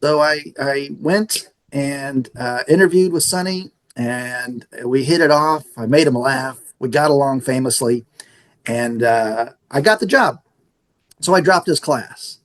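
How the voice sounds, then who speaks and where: A man's voice: mid-range voice, a little slow. A middle-aged man, a radio station manager, telling stories in a casual interview and acting out the dialogue. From San Antonio area, Texas. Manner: animated storyteller acting out dialogue.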